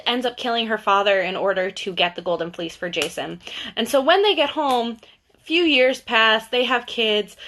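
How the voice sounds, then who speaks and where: Speaking in a bright, forceful mid-range voice, a young female bookseller chats about books on a livestream. She hosts the talk casually, with plenty of fillers and side comments.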